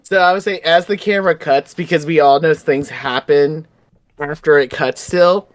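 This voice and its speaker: A player narrates their wrestler's actions in a tabletop game with animated, rambling storytelling. The voice sits in a middle pitch and is full of fillers and restarts. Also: moderate pace. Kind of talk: casual tabletop role-play narration.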